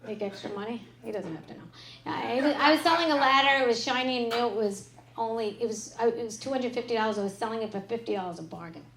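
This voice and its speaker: On a club stage, a woman with a fairly high voice and quick pace performs a brash, profane stand-up set into a handheld mic, her delivery punchy. The club is echoey with a loud crowd, and audience laughter rings out behind her.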